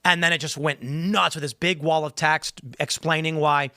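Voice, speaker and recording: A man in his thirties hosting a casual talk show, rambling and animated as he reads chat questions and mimics AI replies. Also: a little high, moderate pace, clear, resonant tone, no echo, studio quality. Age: 30s. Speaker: podcast host.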